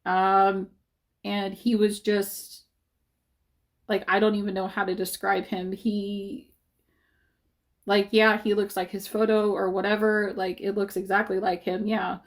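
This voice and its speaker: A woman's voice: medium pitch, flat delivery, measured pace. A woman talking casually to her viewers, rambling with many fillers and self-corrections, upset and defensive, close to tears at times. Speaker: vlogger.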